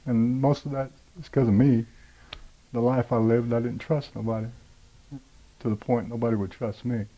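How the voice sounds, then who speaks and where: A man's voice: medium pitch, flat delivery, normal speed, highs cut off. A man in his forties, plain-spoken and blunt, telling his own story of recovery in a personal testimony with many "uh"s and "you know"s. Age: 40s. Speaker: rehab program graduate telling his story.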